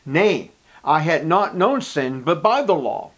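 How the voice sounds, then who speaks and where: Male pastor, sermon delivery, emphatic, fairly high-pitched. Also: very animated, slow. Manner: emphatic preaching that swings between loud and hushed; reads scripture aloud.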